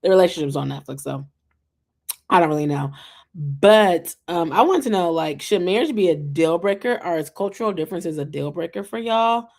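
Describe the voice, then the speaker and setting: Talking straight to camera about a reality show, a young American woman who runs a vlog keeps things lively, scattering "like" and "um" throughout along with the occasional "child." Her voice sits on the low side and moves at a moderate pace.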